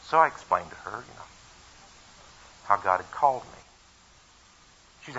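Before a live congregation, a preacher reads scripture and shares a personal story, leaning on emphasis, rhetorical questions and repetition. He speaks briskly and expressively at a medium pitch, with a sharp tone, a breathy edge and long pauses, on a dull lo-fi recording.

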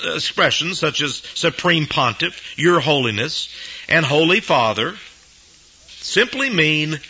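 A man's voice: high-pitched, bright, forceful tone, breathy edge, lo-fi sound. A man preaching a sermon, emphatic, with his voice rising sharply whenever he quotes someone.

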